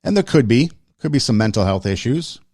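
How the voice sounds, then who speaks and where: Speaking quickly in a mid-range voice with big swings in pitch and a slightly mellow quality, this podcast host tells a personal story casually. He's earnest, leans on repeated phrases for emphasis, and talks in short listing phrases. There's no room sound, and the audio is studio grade.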